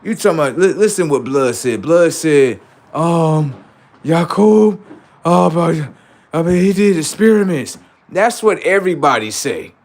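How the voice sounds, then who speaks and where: Animated man arguing on a livestream. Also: fairly high pitch, a little slow. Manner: argumentative, mocking, slang-heavy, swears a lot. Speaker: livestream host. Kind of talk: heated livestream banter.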